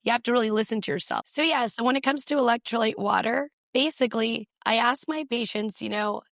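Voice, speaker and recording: A woman physician, a guest on a podcast, explaining health advice in brisk, numbered points. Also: fairly high pitch, a bit bright, no room sound, studio quality. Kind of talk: podcast interview.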